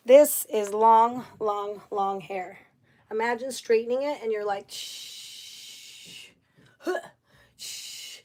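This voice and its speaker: Upbeat woman hosting a chatty livestream. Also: a little high. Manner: upbeat, effusive, greets viewers by name. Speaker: livestream host. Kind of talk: casual livestream chat with viewers.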